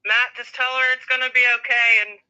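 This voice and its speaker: A man speaking bluntly, telling others to stay calm. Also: very high-pitched, fairly quick, smooth, dull audio.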